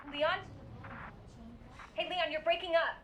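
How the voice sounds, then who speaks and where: A woman's voice: extremely high pitch, steady tone, slow pace, a bit bright, lo-fi sound, heavily acted. An actress voicing a determined young woman survivor in a video game, calling out urgently.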